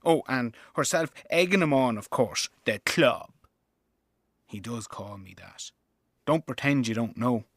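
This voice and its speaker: A man's voice: mid-range voice, expressive, measured pace, no room sound, clean studio sound. A man playing an exasperated young Irish dad. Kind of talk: theatrical monologue.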